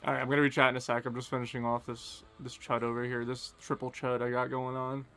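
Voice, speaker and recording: A young man, streaming a game live and chatting casually and quickly with his viewers, joking at his own expense. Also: mid-range voice, level tone, bright, forceful tone, smooth, soft background music. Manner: fast, casual, self-deprecating chatter. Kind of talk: live gameplay commentary and chat Q&A.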